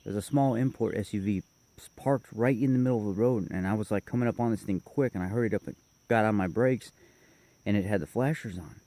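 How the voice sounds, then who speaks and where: A man's voice: lowish voice, brisk, dark tone, dry recording. A man casually telling a long personal story, rambling and correcting himself as he goes. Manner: rambling, self-correcting, detailed.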